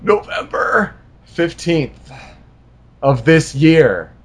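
Slow-talking jokey man, higher pitch. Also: big pitch swings, slightly rough. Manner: jokey, teasing, hums and blurts short quips. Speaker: podcast co-host. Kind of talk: casual gaming chat.

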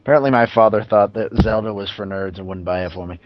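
A man's voice: fairly low pitch, fast talker, no echo, muffled recording. A man co-hosting a casual gaming podcast, rambling and hesitant. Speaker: podcast co-host.

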